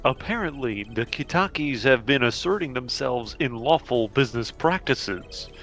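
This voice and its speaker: A man voicing a suave young prosecutor with a smooth, drawling manner. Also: mid-range voice, a bit bright. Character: suave young prosecutor using German address.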